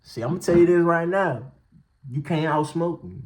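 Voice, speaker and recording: A man voicing his teasing mother as she mocks him for not handling his high. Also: moderate pace, a little mellow, natural voice. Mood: mocking. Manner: mocking, boastful.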